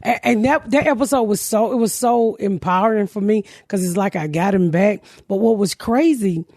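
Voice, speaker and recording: A woman's voice: medium pitch, normal speed, no room sound. A woman host telling stories in casual chat, loose and profane. Her voice sits in a middle register, and the room is dry and close. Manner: storytelling, profane and animated. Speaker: podcast host.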